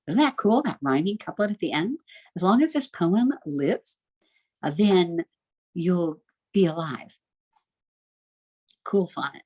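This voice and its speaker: A woman's voice: sits low, lively intonation, a little slow, pauses often, warm tone, breathy edge, rough recording. A woman teaching a recorded homeschool literature lecture, chatty and enthusiastic, with frequent "uh" fillers.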